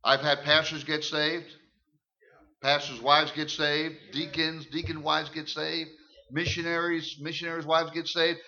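An older man preaching his testimony in church, emphatic and folksy, repeating words and swinging from hushed tones to loud shouts. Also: fairly high pitch, level tone, unhurried. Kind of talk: sermon testimony. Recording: muffled lo-fi recording.

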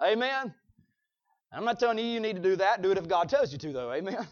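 A male preacher delivering an emphatic sermon, punctuating his points with "Amen?" and swinging from shouts to quiet asides. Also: high voice, expressive, quick pace, no room sound. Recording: dull, dry lo-fi recording.

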